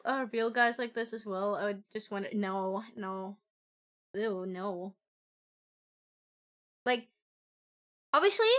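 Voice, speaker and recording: A woman streamer chats casually from her home setup into a desk mic. Her voice sits high and sharp, bright and forward. She gushes with excitement, giggles often and swears without a second thought. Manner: gushing and excitable, squealing with delight. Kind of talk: casual live-stream chat.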